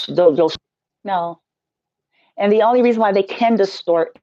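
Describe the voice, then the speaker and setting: This is a Reiki healer and spiritual teacher in a casual live-stream rant, swearing, joking and speaking bluntly. Her voice sits in the mid-range with no room sound, captured in a dull, dry lo-fi recording.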